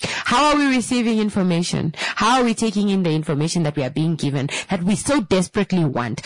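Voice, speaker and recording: A woman's voice: medium pitch, animated, brisk, no echo, poor audio. A woman in a casual monologue to her viewers, emphatic, repeating phrases and asking rhetorical questions.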